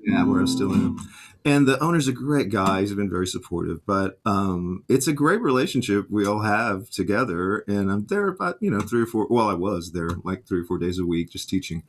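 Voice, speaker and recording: His voice is lowish and a little fast as the middle-aged music teacher and guitarist relates lively anecdotes during a casual interview. Whenever he quotes someone, he acts out their voice.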